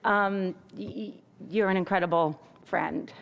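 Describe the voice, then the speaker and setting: A woman's voice: mid-range voice, steady tone, a little slow, vocal fry, smooth, lo-fi sound. Emotional woman giving an off-the-cuff farewell. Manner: emotional, laughing through tears, rambling. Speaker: teacher and colleague. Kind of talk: impromptu farewell speech. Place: school board meeting room.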